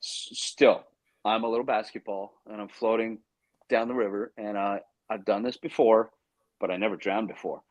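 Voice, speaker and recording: A man's voice: on the low side, moderate pace, no echo, rough recording. A man, an actor guest on an interview show, telling a story animatedly, acting out his own inner voice and stumbling over restarts. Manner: frequent restarts and stammers when excited.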